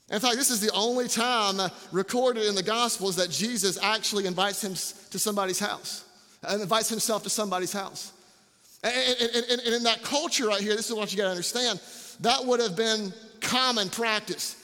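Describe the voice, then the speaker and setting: A male campus pastor preaching a sermon in an animated, joking way, repeating words for emphasis. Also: sits high, normal speed, long reverb tail.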